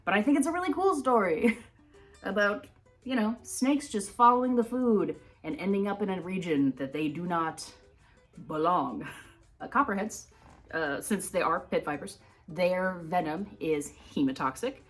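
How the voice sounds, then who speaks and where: A woman's voice: lowish voice, lively intonation, normal speed, soft background music. A woman from Minnesota hosting a reptile channel, telling a rambling story in a casual educational vlog and laughing often as she wanders off topic. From Minnesota, United States. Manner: laughs often while talking.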